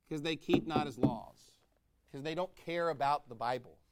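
Pastor, male, high voice; sermon delivery, slow scripture reading, sharp jumps from soft to shouting. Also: a little hiss or hum. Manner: swings between loud shouted exhortation and low quiet asides; reads scripture in slow, drawn-out cadence.

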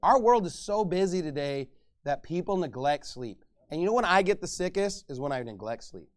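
This sermon comes from a middle-aged man serving as pastor, his voice leaning high and his pace moderate. He sounds lively and talkative, dramatizing quotations and laughing now and again.

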